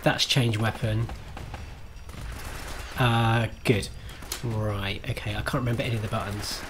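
A man's voice: fairly low pitch, steady tone, unhurried, background noise. A man streaming himself playing a game, chatting to viewers in a self-mocking way, swearing and laughing at his own mistakes. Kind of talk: live gameplay commentary.

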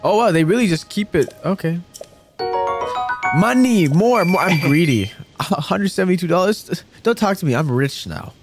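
A man's voice: on the high side, animated, fairly quick, hardly any pauses. Goofy, self-mocking man gaming over music. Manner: goofy, self-mocking, talks to the game characters. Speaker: let's play gamer. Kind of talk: casual gameplay commentary. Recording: game music behind voice.

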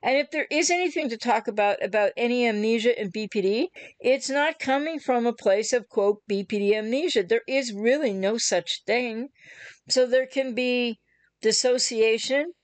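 A woman's voice: a little high, normal speed, dry recording. A woman coaching on relationship recovery, talking emphatically to viewers and acting out the listener's reactions. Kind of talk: explanatory talk to viewers.

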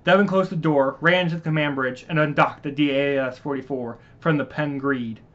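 A man reading his own science-fiction story aloud in a halting way, stopping to apologize and correct his slips. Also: fairly high pitch, steady tone. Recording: muffled lo-fi recording.

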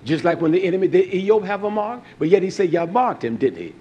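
A man preaching a sermon, emphatic, swinging between low asides and loud raised emphasis. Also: big pitch swings, brisk, slight background noise.

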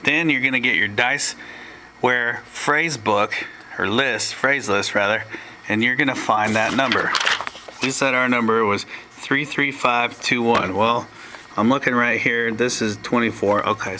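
A man teaching a step-by-step tutorial, explaining slowly and plainly with small joking asides. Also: mid-range voice, steady tone, background noise.

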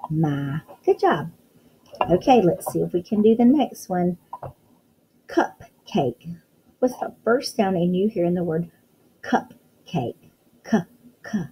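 A woman teaching a phonics lesson to young children, talking in a slow, sing-song, encouraging way and praising often. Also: fairly low pitch, lively intonation, mellow, slight background noise, rough recording. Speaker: kindergarten teacher.

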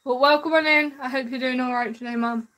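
A woman streaming a game live, upbeat and chatty with her viewers. Her voice sits a little high, and she often calls the chat man or bro. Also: steady tone, quick pace, pushed and bright. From United Kingdom.

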